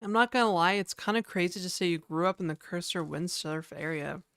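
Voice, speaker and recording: A woman's voice: on the low side, a little fast, fairly bright tone, clean tone, no room sound, clean studio sound. A young woman live-coding on a stream, chatting casually and wryly with viewers and answering their comments. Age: young adult. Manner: offhand and wry, talking straight to viewers.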